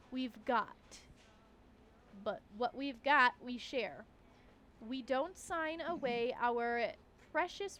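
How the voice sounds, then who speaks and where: A woman's voice: high voice, fairly bright tone, a little hiss or hum. A woman reading out a councilwoman's rally speech. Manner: reads speech aloud, stumbling on words. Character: earnest middle-aged woman councilwoman candidate. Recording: faint game music behind.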